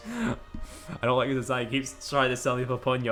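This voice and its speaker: A man casually commenting while streaming a puzzle game, chatty and quick to laugh. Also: mid-range voice, lively intonation, a bit bright, soft background music.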